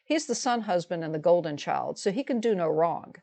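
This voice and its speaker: A middle-aged woman calmly recounting a personal story in a measured, matter-of-fact way. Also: lowish voice, gravelly. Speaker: vlogger telling a personal story. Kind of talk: storytelling monologue.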